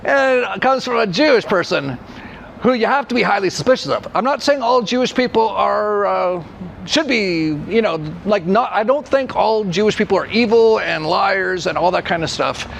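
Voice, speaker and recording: A man's voice: high voice, expressive, normal speed, vocal fry, fairly bright tone, a little hiss or hum, low-quality recording. A man in a casual vlog rant, scoffing and laughing dismissively.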